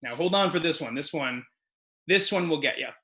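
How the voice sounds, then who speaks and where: A man giving a deadpan comedic poetry reading over a video call, reciting in a mock-solemn, theatrical way. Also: fairly high pitch, a little fast. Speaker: guest performer.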